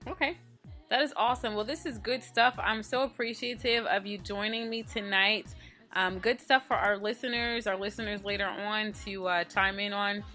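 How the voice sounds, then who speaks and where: Animated woman hosting a chat show. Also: medium pitch, normal speed, soft background music. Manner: animated, laughs at her own stories, affirming. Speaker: host. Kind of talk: casual chat.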